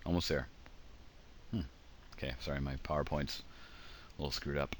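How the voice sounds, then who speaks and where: A man's voice: very deep voice, fairly even intonation, moderate pace, a little hiss or hum. A man giving a casual grammar lecture over slides, explaining with examples and frequent ums. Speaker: teacher.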